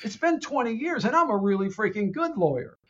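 A self-assured angel posing as a woman lawyer, snapping back indignantly, as a man puts her on. Her voice sits high and pushes hard. The audio is a little dull and lo-fi. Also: big pitch swings, fairly quick.

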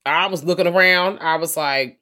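A woman's voice: fairly low pitch, normal speed, sharp tone. A woman co-hosting a podcast in casual chat, blunt and profane, often laughing.

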